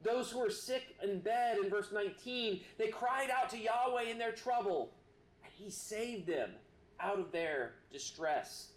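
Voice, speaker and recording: A man preaching a sermon, earnest and halting, with many restarts. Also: high voice, animated, echoey room. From United States. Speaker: pastor.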